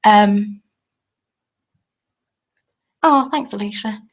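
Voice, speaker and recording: A woman's voice: mid-range voice, extremely slow, muffled recording. A young woman in her twenties, a craft YouTuber, chatting on a live stream at home and answering comments as they come in. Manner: chatty, rambling, reads out and answers chat comments.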